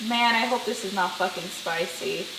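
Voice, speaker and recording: A young woman with a medium-pitched voice and vocal fry vlogs casually while cooking at home, chatty and rambling at normal speed, with self-deprecating asides. Her echoey kitchen is noisy with loud sizzling and stirring.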